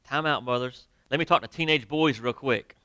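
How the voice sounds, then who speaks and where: A male pastor preaching with a bright, crisp and clean voice, recorded dry and close. He swings from quiet, drawn-out emphasis to loud, raised phrases and speaks straight to his congregation. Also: medium pitch, no echo. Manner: emphatic preaching, pauses and drops to near quiet; addresses the congregation directly with questions. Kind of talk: sermon. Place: church sanctuary.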